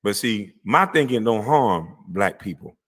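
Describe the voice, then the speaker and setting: A man's voice: on the low side, expressive, a little slow, a bit bright. A man ranting on a livestream, profane, mocking and confrontational, laughing scornfully between lines. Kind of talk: heated livestream rant.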